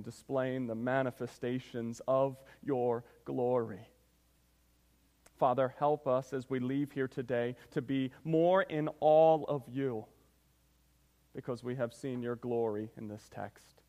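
A man's voice: mid-range voice, fairly even intonation, a little slow, mellow. A man preaching a sermon as pastor, reading scripture and praying, with an emphatic delivery that often calls the listeners church. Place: church sanctuary. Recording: long reverb of a church hall.

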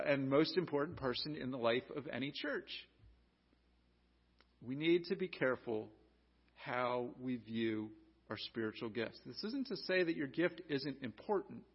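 American male pastor, high voice, earnest sermon with restarts, muffled lo-fi recording. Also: breathy edge. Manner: earnest, rhetorical questions, frequent restarts. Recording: dull lo-fi recording.

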